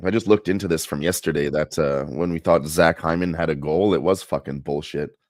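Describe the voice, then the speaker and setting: A man co-hosting a live sports betting stream, low-key and laid-back, swearing casually. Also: a little fast, no echo, studio quality.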